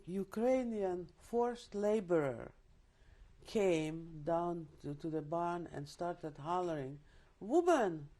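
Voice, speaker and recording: Older woman, interview testimony, lively storytelling, dark mellow timbre. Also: sits low. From Czechoslovakia. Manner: vivid storytelling with restarts and asides. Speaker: interviewee, Holocaust survivor. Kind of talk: oral history testimony.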